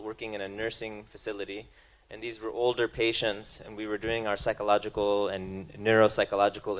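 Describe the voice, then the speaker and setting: A man giving a spiritual lecture, speaking conversationally and telling stories, often restarting his phrases. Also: mid-range voice. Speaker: speaker at a religious talk.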